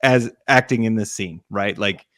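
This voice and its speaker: A man's voice: fairly low pitch, moderate pace, a bit bright, no echo, studio quality. Enthusiastic man talking movies. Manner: enthusiastic, rambling, many fillers and restarts. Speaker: podcast co-host. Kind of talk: casual film discussion.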